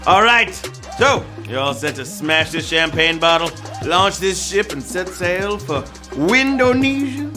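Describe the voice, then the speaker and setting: A man hosting a live trivia game show, goofy and teasing, squealing high and singing bits with faint music behind. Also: expressive, measured pace. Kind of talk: live-streamed trivia hosting, playful banter. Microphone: phone.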